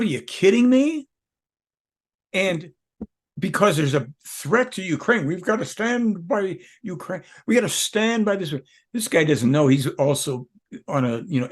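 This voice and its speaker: An older man, a guest in a conversational interview, presses his points hard and keeps circling back to restart sentences. His voice sits a little high for a man, with a husky edge, and his manner is emphatic and rambling, full of self-corrections.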